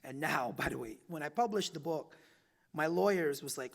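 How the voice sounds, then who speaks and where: A man in his forties from the Philippines, an author giving a chatty campus talk that leans on "right?" and "like", his loudness rising and falling a lot. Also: a little high, expressive, normal speed, gravelly, in a large hall. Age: 40s. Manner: chatty, often tags "right?" and "like", loudness swings widely. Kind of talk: conversational public talk. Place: university event room.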